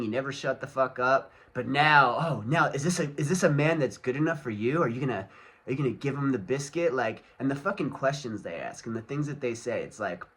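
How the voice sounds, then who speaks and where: A man's voice: mid-range voice, a bit bright. A man with a mid-range voice vents straight to the camera in a solo vlog rant. His talk is angry and laced with swearing. He rambles loosely from point to point, padding it with fillers. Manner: angry, profane ranting. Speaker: vlogger.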